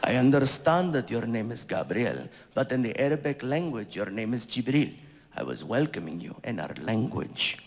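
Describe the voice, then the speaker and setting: A man voicing a dignified, gracious young prince who speaks slowly and formally. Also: medium pitch, big pitch swings, gravelly, long reverb tail, a little hiss or hum, pitched below the performer's own voice. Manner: slow, measured, courteous delivery.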